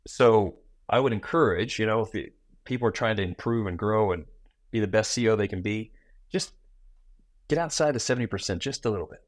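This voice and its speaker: A man in his forties, a podcast guest who tells stories in a lively way and acts out small talk in quick asides. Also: on the low side, no room sound. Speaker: guest, founder and keynote speaker. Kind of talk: conversational podcast interview.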